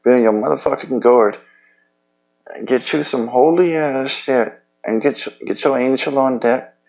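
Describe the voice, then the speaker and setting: A man talking in a loose, rambling personal monologue, profane and halting, with many restarts. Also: mid-range voice, vocal fry, a little mellow. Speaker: vlogger.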